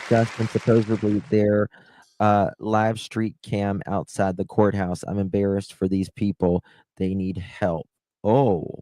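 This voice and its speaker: Male live streamer, low-pitched, gossipy and amused, recorded dry and close. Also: a little mellow, no echo, poor audio. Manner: laughing, gossipy, swears. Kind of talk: casual live stream commentary.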